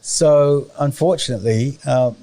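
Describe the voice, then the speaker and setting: A middle-aged Australian man chatting as a podcast guest, rambling and often pausing to search for words. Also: medium pitch, warm tone. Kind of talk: casual conversation.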